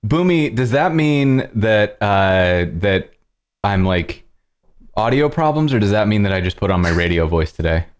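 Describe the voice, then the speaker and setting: A man's voice: on the low side, expressive, moderate pace, smooth. A man hosting a live coding stream, joking with his guest and reading out names from the chat. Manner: playful, teasing, reads the chat aloud. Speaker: host.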